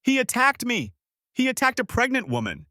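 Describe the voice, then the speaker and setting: A woman's voice: sing-song, moderate pace, fairly bright tone, no room sound, studio quality. A man voicing a hysterical, entitled young pregnant woman who screeches and shrieks in a storytime narration. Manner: shrill, screeching.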